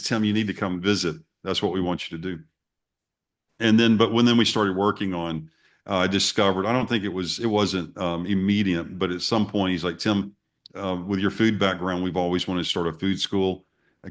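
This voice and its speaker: Brief: middle-aged male guest, lower voice, animated storyteller who plays out the emails and his reactions. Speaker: interview guest. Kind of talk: casual storytelling.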